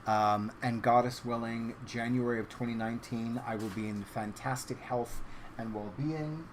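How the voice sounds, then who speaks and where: A man's voice: normal speed, a little hiss or hum. Man talking to camera at home. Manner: switches to a high animated baby-talk voice when addressing his cat. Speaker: vlogger. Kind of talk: casual vlog talk to camera.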